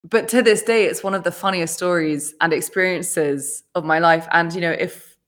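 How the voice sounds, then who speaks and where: A woman hosting a podcast, telling a personal story in casual conversation, animated and often laughing as she acts out what people said. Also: fairly low pitch, normal speed. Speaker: podcast host.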